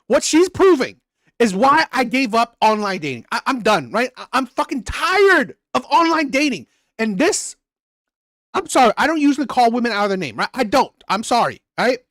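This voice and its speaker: A man's voice: extremely high pitch, fairly bright tone, no echo. A man hosting a reaction channel, ranting with heavy profanity and repeating himself. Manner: profane, heated, repetitive.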